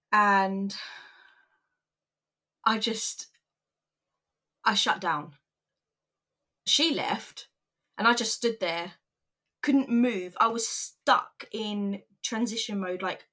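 A woman's voice: mid-range voice, a bit bright. Young adult woman, earnest, emotional, candid vlog narration. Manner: candid, earnest, emotional retelling with quoted voices. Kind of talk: personal storytelling vlog.

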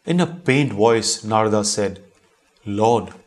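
A man reading a spiritual story aloud in a calm, measured scripted narration, telling it in the first person. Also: mid-range voice.

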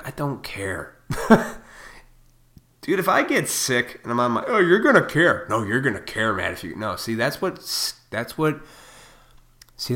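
Heated, sweary man ranting in an echoey room. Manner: heated and sweary, swinging from loud outbursts to low reflective talk. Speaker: vlogger. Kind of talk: profane ranting monologue.

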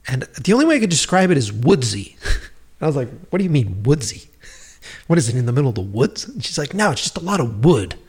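A man's voice: medium pitch, brisk, breathy edge. A man telling filmmaking stories in casual chat, swearing freely and acting out the dialogue he quotes. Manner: profane, animated storyteller acting out quoted dialogue. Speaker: filmmaker guest.

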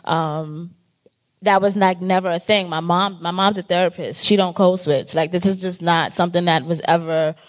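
A woman's voice: on the low side, steady tone, normal speed. Blunt, candid woman podcast host. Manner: candid and emphatic, casual swearing. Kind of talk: casual panel discussion.

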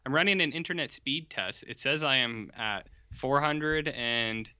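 A man's voice: mid-range voice, unhurried, sharp tone, smooth, muffled recording. A man co-hosting a podcast, chatting casually and rambling over a call. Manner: rambling, self-interrupting. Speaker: podcast co-host.

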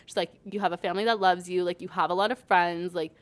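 A woman's voice: lowish voice, steady tone, fast. Young woman from Canada, chatty guest who relays stories through acted dialogue. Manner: chatty, says "like" constantly, acts out quoted dialogue. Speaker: podcast guest. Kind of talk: casual storytelling chat.

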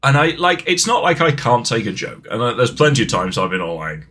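A man co-hosting a podcast, chatting casually in an animated, playful way, with asides and restarts. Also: mid-range voice, normal speed, few pauses, husky. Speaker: podcast co-host. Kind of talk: casual banter.

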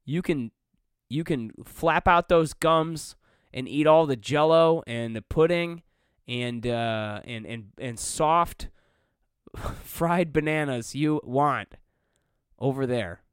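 Rambling wry man, smooth close voice. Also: a little high, slow, no echo. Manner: rambling, wry, full of fillers and restarts. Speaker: podcast host. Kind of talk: rambling solo podcast monologue. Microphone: close studio mic.

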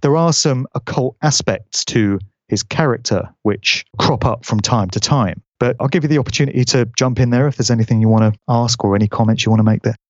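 A man explaining at length in a measured, conversational way. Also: mid-range voice, no echo. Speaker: guest commentator. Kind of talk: conversational commentary. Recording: dull lo-fi audio.

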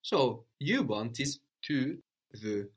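A man teaching a language lesson, patiently modeling pronunciation slowly and asking a student to repeat. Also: medium pitch, lively intonation, husky.

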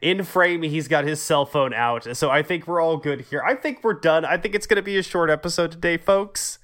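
A man hosting a casual gaming podcast, congested and a bit gravelly, sardonic and swearing freely. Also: fairly high pitch, moderate pace, fairly bright tone. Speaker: podcast host.

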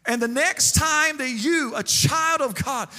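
A man preaching a sermon in a sing-song cadence that climbs into shouts, recorded in a church sanctuary. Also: very high-pitched, unhurried. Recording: long hall reverb.

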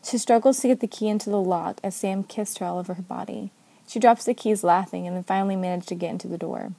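A woman narrating a story aloud in a steady, even manner. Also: mid-range voice, quick pace, vocal fry, no echo. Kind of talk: story reading.

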